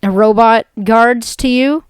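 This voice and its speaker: A woman's voice: a little high, takes it slowly, smooth, no echo, clean studio sound. A woman doing a brash frosted-tip bro. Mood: offhand. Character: brash muscled young man with frosted tips.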